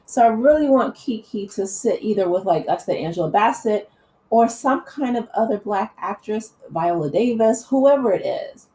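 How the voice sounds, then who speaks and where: A woman's voice: mid-range voice, lively intonation, normal speed, warm tone, rough recording. A woman vlogger giving impassioned, earnest opinion commentary, with many fillers and restarts.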